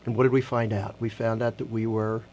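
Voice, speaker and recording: A man's voice: fairly low pitch, level tone. Earnest man hosting Catholic radio. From Philadelphia. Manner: earnest, slows down to read scripture softly. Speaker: radio host. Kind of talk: Catholic radio talk and scripture reading. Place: radio studio.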